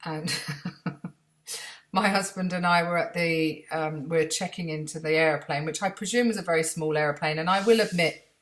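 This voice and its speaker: In a low voice at a moderate pace, a middle-aged woman from England tells casual stories to camera from a room in her house. She's chatty and mocks herself, doing impressions of people she came across.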